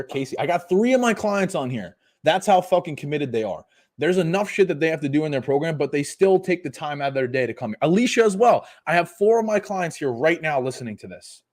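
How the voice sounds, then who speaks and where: A man in his twenties, a fitness coach, ranting emphatically and profanely on a live podcast. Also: fairly high pitch. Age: 20s.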